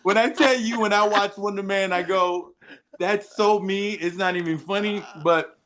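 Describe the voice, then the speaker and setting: A man in a podcast interview, telling stories in a lively way, acting out quoted dialogue and laughing often. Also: high voice, normal speed. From Haitian-American. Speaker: actor guest. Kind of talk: animated storytelling in a podcast interview.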